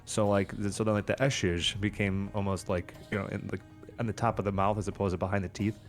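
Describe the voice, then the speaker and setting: Low-voiced guy chatting about his d&d characters, lively, faint music under it. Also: brisk. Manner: animated, slips into character voices mid-sentence. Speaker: podcast co-host and tabletop player. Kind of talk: casual chat about role-playing.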